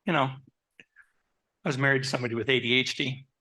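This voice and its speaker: Husky, forceful man talking to an audience. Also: medium pitch, fast. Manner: animated, asks the audience questions; personal anecdotes, conversational. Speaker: therapist giving a talk. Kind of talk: live presentation to an audience.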